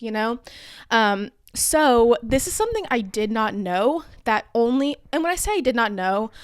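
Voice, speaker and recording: A woman's voice: a little high, clear, resonant tone, dry recording. A young woman hosting a podcast, casually explaining a topic in a chatty, self-deprecating way with plenty of fillers. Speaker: podcast host.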